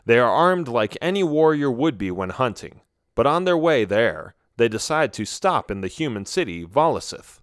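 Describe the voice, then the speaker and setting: A man's voice: mid-range voice, very animated, normal speed, clean tone, no room sound, studio quality. A man narrating a fantasy adventure audiobook in a dramatic, emphatic way. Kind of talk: scripted storybook narration.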